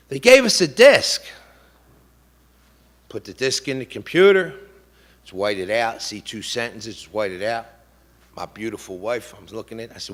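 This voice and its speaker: Middle-aged grieving father at a podium, impassioned and forceful, keeps asking "you know?". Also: mid-range voice, lively intonation, unhurried, long pauses. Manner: emotional and indignant, repeats "you know?". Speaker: bereaved father speaking at a press conference. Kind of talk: impassioned public statement. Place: press club conference room.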